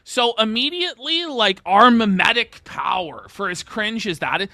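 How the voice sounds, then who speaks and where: Mocking podcast guy ranting about a clip, bright lively voice. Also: sits high, moderate pace, no room sound. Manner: scornful, mocking. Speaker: podcast co-host. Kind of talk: casual reaction chat.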